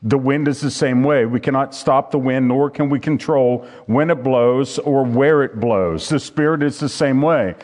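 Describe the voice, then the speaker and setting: A man preaching to his congregation in an emphatic, repetitive way. He reads scripture passages aloud and teaches from a handout. His pitch sits at an ordinary middle height for a man. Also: normal speed, few pauses, a little mellow.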